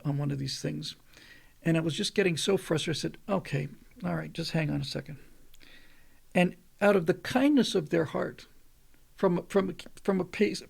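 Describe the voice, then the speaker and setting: Gravelly, husky man telling a story. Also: a little high, a little mellow. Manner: rambling, repeats words and restarts mid-sentence. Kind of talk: casual anecdotal storytelling.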